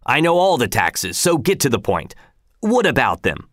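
A man's voice: medium pitch, sing-song, a bit bright, dry recording, studio quality, voice pushed up. A man voicing a smug, menacing governor who drags out his words condescendingly. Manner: slow, drawn-out, condescending delivery. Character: smug, menacing male governor, slow and silky.

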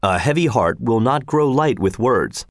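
A man's voice: medium pitch, animated, moderate pace, dry recording, studio quality, close to an everyday voice. A man reading aloud, voicing a stoic hero who speaks in short, proverb-like sayings. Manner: terse, proverb-like pronouncements. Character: laconic, brave male hero, calm and stoic.

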